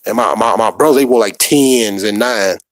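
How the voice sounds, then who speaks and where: A man tells profane, animated stories in casual talk. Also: fairly low pitch, moderate pace, no room sound. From Alabama. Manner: profane, animated, repetitive restarts. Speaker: podcast storyteller.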